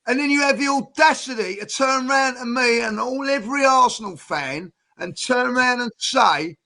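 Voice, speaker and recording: A man's voice: very high voice, gravelly, pushed and bright. A man ranting indignantly on a football fan panel, firing off rhetorical questions. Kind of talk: heated panel talk.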